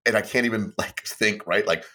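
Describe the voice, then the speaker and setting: A man co-hosting a casual podcast, telling stories in a rambling, animated way with lots of fillers and laughs. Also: on the low side, a little fast. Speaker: podcast co-host.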